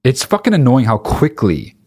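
A man's voice: medium pitch, huge pitch swings, normal speed, a little mellow, breathy edge, no echo, studio quality. Exasperated man on a swearing rant. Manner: exasperated, swearing constantly, speeding up as he gets angry. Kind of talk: profane comedic rant.

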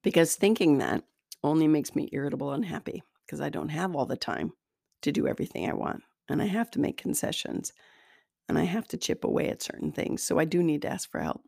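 A woman's voice: low-pitched, big pitch swings, a little fast, gravelly, darkish tone, no room sound, studio quality. A woman hosting a self-help talk as an energy healer, speaking in a candid, conversational and self-deprecating way. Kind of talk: spoken self-help monologue.

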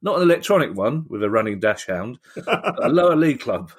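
A man's voice: mid-range voice, big pitch swings, fairly quick, slightly rough. A man hosting a podcast, talking in a wry, playful way with theatrical asides. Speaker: podcast host. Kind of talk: casual chat.

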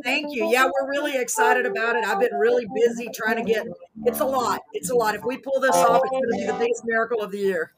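A woman hosting a live talk show, chatting casually in an excitable, goofy, rambling way and correcting herself as she goes. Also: fairly high pitch, quick pace, loud music behind the voice. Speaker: host of a live radio and web talk show.

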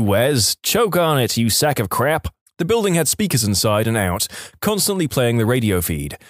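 A man's voice: medium pitch, no room sound, clean studio sound. A man narrating reader-submitted stories in a scripted storytelling delivery.

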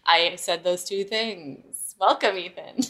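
A woman's voice: fairly low pitch, takes it slowly, a bit bright. A woman hosting a podcast in casual comedic chat, wry and teasing with crude jokes. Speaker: podcast host.

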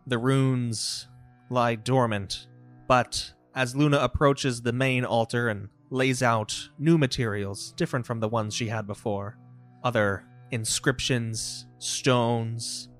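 A man narrating a tabletop game as game master in a measured, descriptive way. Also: medium pitch, steady tone, faint music behind.

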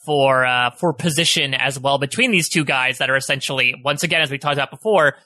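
A man co-hosting a podcast, building thoughtful, analytical points in a steady way. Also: medium pitch, brisk, dry recording. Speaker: podcast co-host. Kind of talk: casual podcast discussion.

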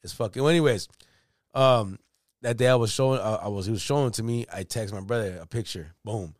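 A man's voice: fairly low pitch, brisk, no room sound, studio quality. A man co-hosting a casual podcast, telling a story with lots of slang and swearing and acting out the voices of other people. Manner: animated storyteller, acts out quoted voices loudly. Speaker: podcast co-host. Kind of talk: casual chat.

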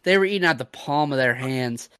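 Relaxed man hosting, dry sound. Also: mid-range voice, brisk, clear, resonant tone, no echo. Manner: relaxed, filler-heavy recap. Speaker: podcast host. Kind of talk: casual podcast chat.

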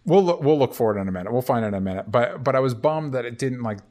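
A man's voice: mid-range voice, animated, rapid-fire, a little mellow. A man co-hosting a podcast in casual chat, rambling through his points with many restarts. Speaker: podcast co-host.

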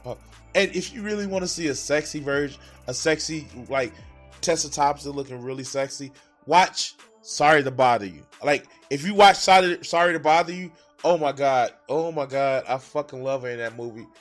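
A man's voice: fairly high pitch, moderate pace, soft background music. A man hosting a reaction video, talking casually with profane, exasperated outbursts.

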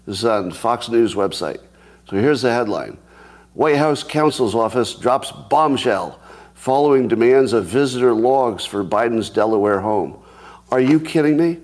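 A man's voice: medium pitch, measured pace. A man giving solo commentary on news headlines, sarcastic, with mock outrage, restarts and chuckles. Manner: thinks aloud with restarts, chuckles. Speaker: commentary host.

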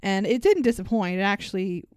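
A woman's voice: medium pitch, a little fast, smooth, no echo, studio quality. A woman co-hosting a podcast, chatting casually and profanely about a film, laughing often. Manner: profane, laughing, animated storytelling. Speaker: podcast co-host. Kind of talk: casual movie review chat.

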